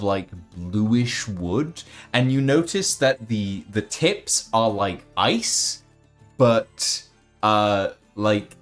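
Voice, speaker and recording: Male game master, slow relaxed narration, lively pitch, filler-heavy.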